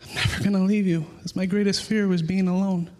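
High-voiced man preaching earnestly. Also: flat delivery, a little fast, darkish tone. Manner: earnest, emotional, conversational preaching. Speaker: pastor. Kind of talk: sermon with personal testimony.

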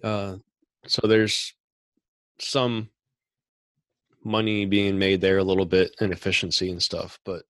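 A middle-aged man who runs a machine shop, talking casually on a podcast in a rambling way with frequent restarts and throat clearing. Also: low voice, level tone, unhurried, long pauses, a bit bright, no room sound.

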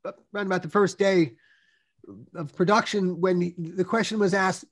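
A man with a notably high voice talks on a podcast. He explains how things worked in a reflective, matter-of-fact manner. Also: steady tone, moderate pace. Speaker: producer recalling production. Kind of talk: casual podcast conversation.

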